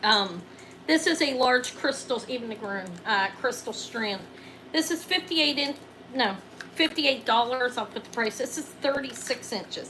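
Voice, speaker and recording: A middle-aged woman running a live jewelry auction, chatting excitably and counting down each sale. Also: a little high, unhurried, slight background noise, poor audio. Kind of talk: live-stream sales chat.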